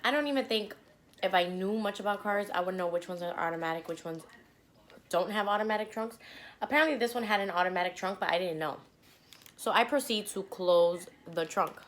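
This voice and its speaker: A young woman vlogger telling a story to the camera between bites, animated and blunt, with the odd swear word. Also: medium pitch, brisk, slight background noise. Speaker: mukbang vlogger. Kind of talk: storytime chat while eating.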